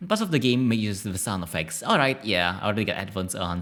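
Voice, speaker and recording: Male streamer, low but animated, reads a story aloud with restarts and jokey asides. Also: fast talker, few pauses. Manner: stumbling, self-correcting reading with giggly asides. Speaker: streamer reading an interactive story. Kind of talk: casual read-aloud with joking asides.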